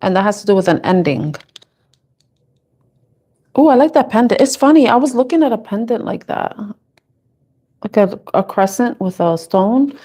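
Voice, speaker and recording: A woman's voice: mid-range voice, lively intonation, normal speed, pauses often, mellow, slightly rough. Giggly, chatty woman tarot reader. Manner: chatty, giggly, thinks aloud with restarts. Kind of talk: casual live tarot reading chat.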